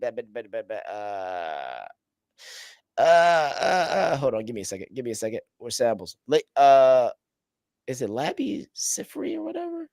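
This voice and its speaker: A man's voice: mid-range voice, huge pitch swings, slow pace, vocal fry, darkish tone, no echo, clean studio sound. A man hosting a casual podcast chat, rambling and trailing off as he searches for names. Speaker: podcast host.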